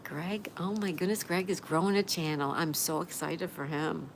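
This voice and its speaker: A woman's voice: low-pitched, fairly even intonation, normal speed, a little hiss or hum. A woman from Florida hosting a livestream, chatting and reading viewer messages aloud. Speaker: livestream host. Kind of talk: reading live chat aloud. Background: rain ambience.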